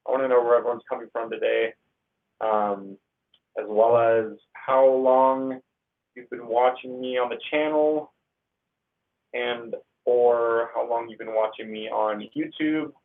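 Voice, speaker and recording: A young man from Northern California hosting a casual livestream, reading out viewer comments in an upbeat, slangy way. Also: medium pitch. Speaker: livestream host. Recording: tinny phone-like audio.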